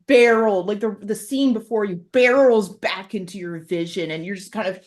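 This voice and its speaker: A woman runs a horror tabletop game as game master, her voice sitting at a medium pitch. She talks in a casual, chatty way and laughs easily between descriptions. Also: normal speed.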